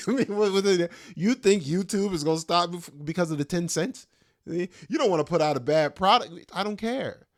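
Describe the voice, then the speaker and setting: A man's voice: high-pitched, animated, moderate pace. A middle-aged man, hosting his own podcast as a stand-up comic, rambling casually and joking at his own expense in loose slangy talk. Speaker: podcast host and stand-up comedian.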